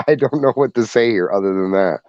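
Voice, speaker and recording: A man's voice: on the low side, moderate pace, a little mellow, no room sound, highs cut off. A man co-hosting a casual podcast chat, talking in rambling stretches full of restarts and repeated words. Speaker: podcast co-host.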